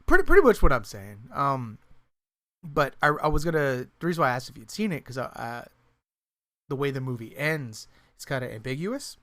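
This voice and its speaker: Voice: mid-range voice, very animated, moderate pace, fairly bright tone. A podcast co-host chatting casually about a horror movie, rambling with lots of fillers and restarts, swearing freely and laughing often.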